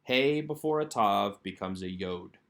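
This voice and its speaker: Low-voiced man teaching methodically. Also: lively intonation, unhurried, vocal fry, a bit bright. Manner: methodical, poses a question then answers it. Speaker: Hebrew instructor. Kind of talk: recorded workbook lecture.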